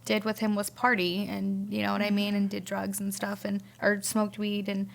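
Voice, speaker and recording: A woman guest sharing a personal testimony on a podcast, talking haltingly and repeating words as she recalls events. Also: mid-range voice, monotone, gravelly.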